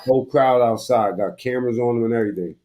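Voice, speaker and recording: A man's voice: medium pitch, fast talker, dull audio, heavy background noise. A man giving crude, mocking commentary while reacting to a video. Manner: mocking, crude, laughs at what he watches.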